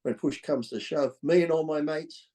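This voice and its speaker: A man's voice: fairly high pitch, normal speed, dark tone. A middle-aged Australian man telling stories as a podcast guest, in a blunt, fired-up way with swearing and laughs between points. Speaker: podcast guest, former pro bodybuilder. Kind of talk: candid storytelling in conversation.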